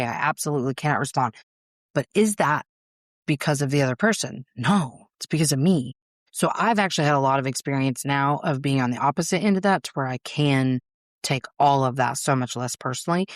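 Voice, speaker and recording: A woman's voice: sits low, no echo, clean studio sound. A woman hosting a solo podcast, talking casually and frankly, swearing freely and acting out her inner voice in little quoted asides. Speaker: podcast host.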